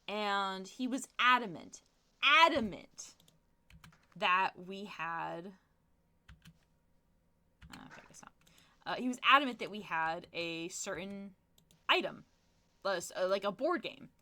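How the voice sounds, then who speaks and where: A young adult woman streamer chatting casually while gaming, telling animated stories full of fillers and laughter. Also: medium pitch.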